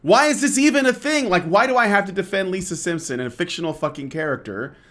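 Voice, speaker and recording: Man ranting, higher-pitched and profane. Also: lively intonation, fast talker, fairly bright tone. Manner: profane, exasperated, with frequent fillers and restarts. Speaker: podcast host. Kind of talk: heated casual rant.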